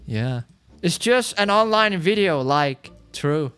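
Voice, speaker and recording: A man giving casual, excitable commentary as a gaming YouTuber, chatty and laughing often. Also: on the high side, slow, clear, resonant tone, faint music behind.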